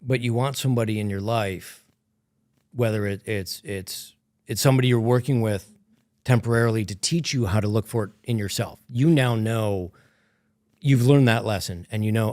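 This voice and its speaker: A man coaching in a podcast conversation, speaking calmly and explanatorily and often softening his voice. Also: on the low side, normal speed. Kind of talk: reflective coaching talk.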